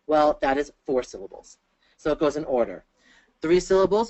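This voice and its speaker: A teacher giving an online grammar lesson who explains patiently and slows down to say each example sentence. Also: mid-range voice, big pitch swings, a little mellow, no echo. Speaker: English teacher presenting a webinar. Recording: dull, lo-fi webinar audio.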